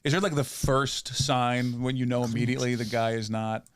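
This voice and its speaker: Male podcast host, loose and halting, dry room. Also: medium pitch, fairly even intonation, clear, resonant tone, no echo. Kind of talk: casual interview chat.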